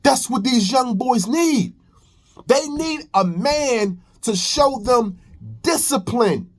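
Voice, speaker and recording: A young man speaks slowly and deliberately in a high voice. He lectures in reaction-video commentary, emphatic and preachy, hammering points home by repetition. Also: expressive. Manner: preachy, emphatic, repeats phrases. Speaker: commentary host.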